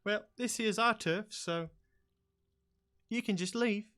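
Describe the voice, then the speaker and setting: A man's voice: sits high, slow, sharp tone, pitched above the performer's own voice, exaggerated voice. A man voicing a surly, stubborn male goblin guard who makes blunt, slangy threats. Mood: dismissive.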